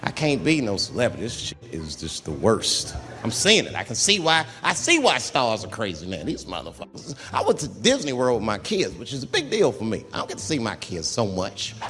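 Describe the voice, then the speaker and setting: A man doing a stand-up comedy routine, swinging between loud outbursts and muttered asides as he acts out characters. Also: fairly low pitch, huge pitch swings, brisk, hardly any pauses, faint music behind. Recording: live hall reverb with audience noise.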